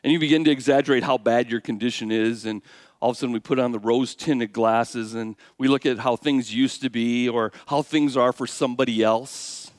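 A man preaching a sermon, animated, swinging from hushed asides to loud exclamations. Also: medium pitch, a little fast, no room sound, studio quality. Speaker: pastor.

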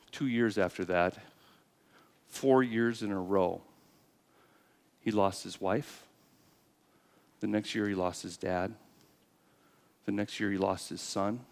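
A man preaching a sermon with earnest storytelling, building to loud emphasis and then dropping to quiet, slowed phrases. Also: deep voice, gravelly. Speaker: pastor.

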